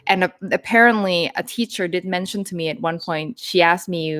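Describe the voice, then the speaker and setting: With a fairly low voice at normal speed, a Thai-born woman, Thai her first language, hosts a live Q&A in a North American accent. She laughs often and chats through lively anecdotes.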